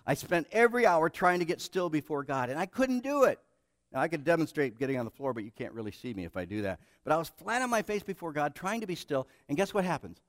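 A middle-aged man preaching a sermon, telling stories with self-deprecating humor and swinging between hushed and loud passages. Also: a little high, big pitch swings, fast, no room sound. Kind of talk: sermon with storytelling.

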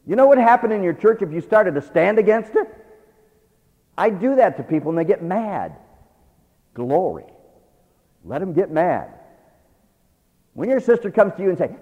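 Casting: male preacher, higher-pitched, emphatic sermon delivery, phone-like sound. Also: big pitch swings, moderate pace, pauses often. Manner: exhorting, swings between quiet asides and loud emphatic preaching. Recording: tinny phone-like sound with long reverb.

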